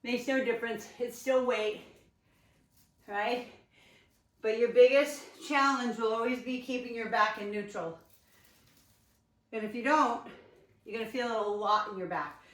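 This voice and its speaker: A woman's voice: on the high side, measured pace, pauses often. A woman fitness instructor coaching a live workout from her living room, out of breath and chatty, cueing with encouragement. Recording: echoey room, mic at a distance.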